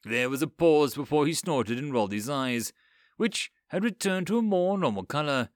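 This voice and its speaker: A man reading a dark fantasy story aloud in an expressive, dramatic way. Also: on the high side, moderate pace, dry recording, clean studio sound. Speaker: narrator. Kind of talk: audiobook story narration.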